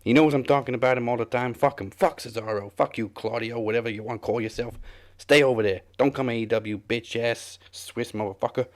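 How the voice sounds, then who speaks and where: A man's voice: mid-range voice, fairly even intonation, a little fast, natural voice. Man doing a fuming Yonkers wrestler. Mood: angry, ranting. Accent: Yonkers, New York. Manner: shouting, profane, confrontational. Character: furious brash male wrestler cutting a profane grudge promo.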